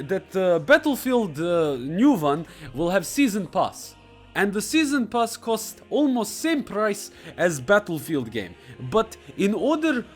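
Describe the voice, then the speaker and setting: A man with a Russian accent who hosts a reaction video, delivering a comedic character rant in broken English with a sarcastic edge. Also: fairly high pitch.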